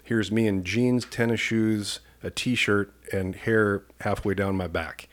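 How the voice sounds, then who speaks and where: A man from Iowa, a police commander and podcast guest, telling an animated personal story and acting out the people in it. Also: on the low side, takes it slowly. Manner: lively storyteller who acts out the people in his story.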